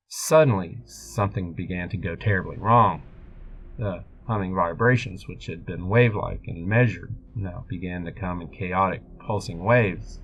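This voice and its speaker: A man narrating a first-person horror story in a steady, measured way. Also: deep voice, lo-fi sound, a little hiss or hum. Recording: music bed behind voice.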